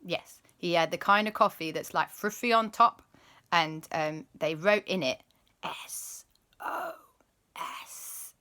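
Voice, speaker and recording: A woman telling a children's story as host, animated and dropping into spooky whispers. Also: lowish voice, moderate pace.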